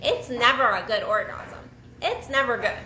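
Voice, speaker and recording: Brief: bright, high-voiced woman coach, blunt and animated; roomy echo, faint background hum. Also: moderate pace. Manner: frank and profane, animated, restarts often. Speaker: sex and relationship coach. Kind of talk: casual solo talk to camera.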